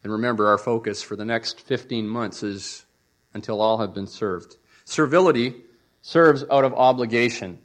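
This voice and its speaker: A male pastor delivers a sermon in a mid-range voice. He pushes key words up in pitch and loudness, then lets his phrases sink low and soft, preaching with steady conviction. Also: normal speed. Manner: emphatic preaching with rises and drops in pitch and volume.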